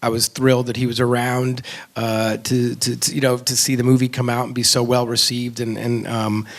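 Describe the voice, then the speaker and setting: A man, a filmmaker, talking earnestly about his film in an onstage conversation, pausing and restarting often. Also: medium pitch, level tone. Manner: earnest, reflective, frequent restarts and fillers. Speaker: film director discussing his film. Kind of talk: onstage conversation before an audience. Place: stage at a film festival event.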